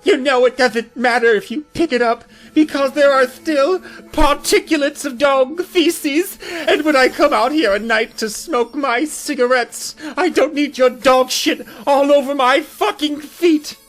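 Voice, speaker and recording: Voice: sits high, a little slow, hardly any pauses, fairly bright tone, faint music behind, pitched above the performer's own voice, poor audio. A man voicing an irate, cigarette-smoking neighbor who nags indignantly. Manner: nagging, indignant.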